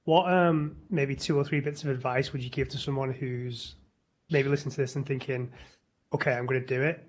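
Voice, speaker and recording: A man hosting a casual interview, asking relaxed, curious questions. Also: medium pitch, brisk. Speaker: podcast host.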